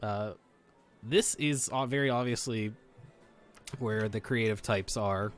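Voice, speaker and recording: A man's voice: on the low side, takes it slowly, soft background music. A man running a tabletop game as game master, joking and rambling as he narrates. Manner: joking, rambling, self-correcting.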